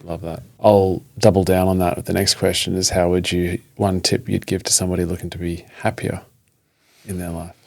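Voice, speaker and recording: Podcast host guy, deep and really gravelly, kinda halting. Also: little pitch movement. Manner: warm, halting questions with fillers. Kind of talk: interview questions.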